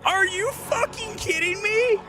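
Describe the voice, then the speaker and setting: A man's voice: extremely high pitch, unhurried, shouting, loud music behind the voice. A man hosting a live movie show, delivering an angry, profanity-laced rant at a producer. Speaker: movie podcast host. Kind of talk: live-streamed film rant.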